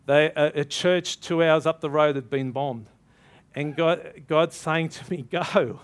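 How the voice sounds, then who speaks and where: A man preaching a sermon, telling a story with animated energy and acting out both sides of the dialogue. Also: on the high side, measured pace.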